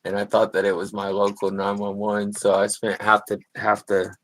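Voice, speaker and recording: Young man, low voice, laid-back rambling storyteller, laughs a lot, casual stream chat. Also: monotone, normal speed, a bit bright, poor audio. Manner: rambling, laughs through stories. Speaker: streamer drawing with a guest. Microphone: video call.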